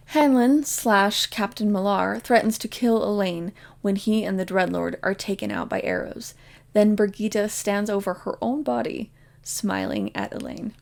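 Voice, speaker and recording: Speaking in a steady middle pitch that frequently slides into vocal fry, a woman gives a casual spoken summary of a favorite book for her vlog. Clearly invested in the story, she leans on fillers like "basically" and "like."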